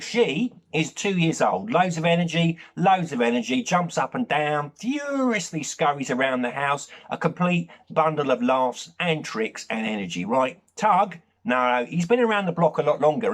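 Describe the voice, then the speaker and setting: A man with an English accent delivering a deadpan, rambling improvised comic monologue, full of fillers. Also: on the high side, normal speed, few pauses. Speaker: comedy sketch host.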